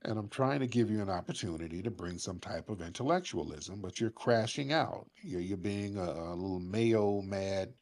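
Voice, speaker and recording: Low gravelly guy hosting a call-in show, mocking and talking down, voice swings all over. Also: moderate pace, few pauses. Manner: mocking, condescending, lively. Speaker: show host. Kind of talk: heated call-in argument.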